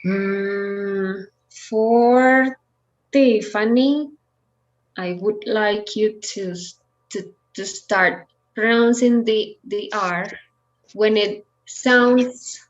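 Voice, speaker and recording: A woman's voice: medium pitch, extremely slow, muffled recording. A woman who is a native Spanish speaker teaching an online Spanish lesson, explaining patiently with many fillers over a video call.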